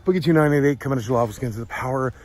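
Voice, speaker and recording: A man's voice: mid-range voice, racing, heavy background noise. A man narrating his travel vlog in a chatty, self-deprecating tour-guide way. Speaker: travel vlogger. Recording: vlog audio with crowd behind. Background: crowd chatter.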